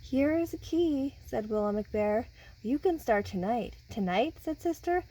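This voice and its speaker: A woman's voice: a little high, a little slow, poor audio. A woman reading a children's picture book aloud and chatting with the kids who listen. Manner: animated, talks with listening children. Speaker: storybook reader.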